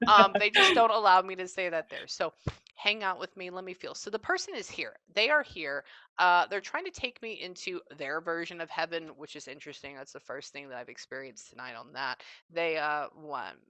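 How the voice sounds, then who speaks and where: Fast-talking animated woman medium. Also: on the low side, no echo. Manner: fast-talking, animated, quotes spirits in raised voice. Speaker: psychic medium. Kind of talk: casual reading session.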